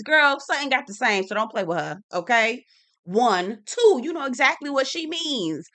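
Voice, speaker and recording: A woman's voice: high voice, normal speed. A woman hosting a reality TV recap video, chatting sassily and calling her viewers "girl" and "y'all". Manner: laughs and teases, animated.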